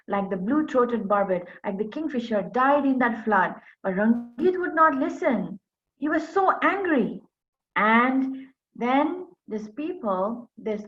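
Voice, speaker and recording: A woman's voice: medium pitch, highs cut off. A woman from Darjeeling, animatedly telling a folk tale online and speaking directly to her listeners. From Darjeeling, India. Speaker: storyteller.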